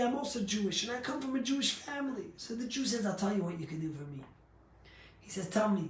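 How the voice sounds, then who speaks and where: A man, a rabbi, giving a sermon and telling a story, emphatic and rising to near shouts on his key points. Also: sits high, roomy sound.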